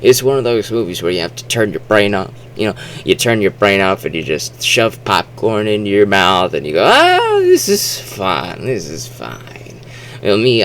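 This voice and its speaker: A man's voice: on the low side, vocal fry, slight background noise. A man reviewing a movie in a rambling, chatty way, full of fillers and restarts, now and then acting out lines in put-on voices. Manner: acts out quotes in animated voices. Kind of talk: casual spoken movie review.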